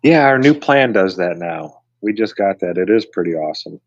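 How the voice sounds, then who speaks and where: A man co-hosting a podcast in casual chat, telling stories with animated, lively delivery. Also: normal speed, dull audio, slight background noise. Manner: animated storyteller, mimics people in high voices. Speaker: podcast co-host.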